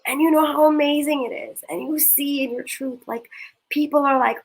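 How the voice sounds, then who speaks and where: A woman leading a coaching exercise in casual chat, talking in an animated, gushing way and swearing casually. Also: sits high, normal speed, low-quality recording.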